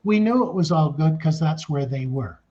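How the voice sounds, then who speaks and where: High-voiced man in his sixties telling stories. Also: normal speed. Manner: animated, acts out the scenes he describes. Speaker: casting director. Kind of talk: storytelling in an interview. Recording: dull lo-fi sound.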